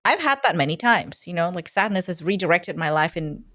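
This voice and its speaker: A woman's voice: lowish voice, animated, brisk, no room sound. A woman hosting a podcast, asking questions and affirming her guest with frequent agreement. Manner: warm affirming, frequent yeahs. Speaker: podcast host. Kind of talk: interview questions.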